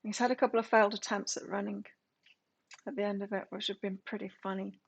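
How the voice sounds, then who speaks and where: Woman doing a live tarot stream, bit of fry in her voice, reads out the cards then chats about them. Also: mid-range voice, fairly even intonation, fast. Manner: reads card meanings aloud, then muses on them. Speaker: tarot reader. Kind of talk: live tarot reading chat.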